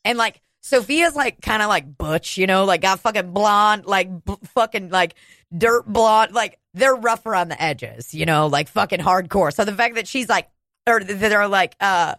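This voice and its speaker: A woman in her thirties from Kansas City, telling a casual, profane, animated story on a podcast. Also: medium pitch, a little slow, no room sound. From Kansas City, United States.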